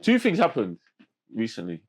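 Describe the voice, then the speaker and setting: A man, a podcast guest telling stories in animated street slang with many restarts. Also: lowish voice, normal speed, slightly rough. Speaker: podcast guest, men's mental health campaigner. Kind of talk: casual podcast conversation.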